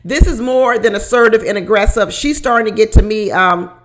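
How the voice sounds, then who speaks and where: Female host, casual recap commentary; animated, frequent laughter, slightly high voice. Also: a little fast. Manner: animated, laughs often, repeats phrases. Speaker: reality show recap host.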